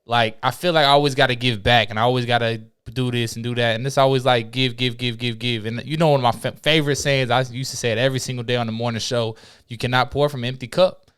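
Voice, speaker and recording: A man's voice: medium pitch, steady tone, quick pace, fairly bright tone, clean tone. A man co-hosting a podcast, a former morning show host, giving advice in a casual, preachy way built on sayings. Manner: preachy, uses sayings, asks "right?".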